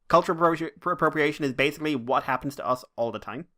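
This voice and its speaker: A man's voice: fairly high pitch, quick pace, bright, forceful tone. An Irish man co-hosting a casual podcast chat. He rambles and rants, with plenty of swearing dropped in along the way. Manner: rambling, ranting, swears freely. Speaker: podcast co-host.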